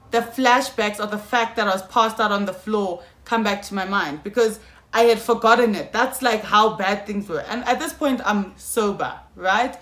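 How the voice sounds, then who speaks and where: A young South African woman telling a storytime vlog, animated and slangy, often calling out to her viewers. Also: mid-range voice. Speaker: YouTuber. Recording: echoey room.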